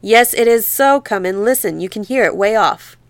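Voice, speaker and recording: This is a woman performing a young man in a storybook who is desperate to outrun a flood. He speaks with a rural Southern drawl, pressing and insistent. The voice stays smooth and dry, as if close to the mic. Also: medium pitch, lively intonation, normal speed, no room sound, lightly acted. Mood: urging.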